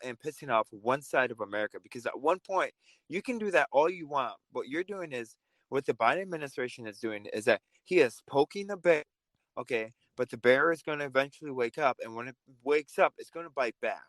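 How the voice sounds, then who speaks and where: A man's voice: medium pitch, lively intonation, a little fast, a bit bright, no room sound. A man speaking as a podcast guest in heated political talk, angry and emphatic.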